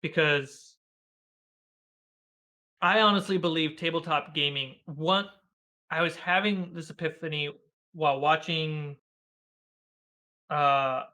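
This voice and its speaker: A man speaks as a guest over a video call, in a bright voice that sits a bit high for a man. He tells stories with animation, acting out the lines he quotes and laughing often along the way. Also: slow pace, pauses often. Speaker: guest, filmmaker and game master. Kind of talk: casual conversational interview.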